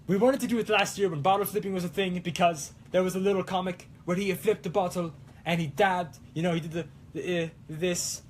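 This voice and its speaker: A man's voice: high voice, fairly even intonation, fairly quick, slight background noise. A young man hosting a casual cosplay livestream, rambling goofily through viewer comments in a hammy put-on Italian accent. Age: young adult. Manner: goofy, rambling, self-mocking. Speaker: cosplay show host.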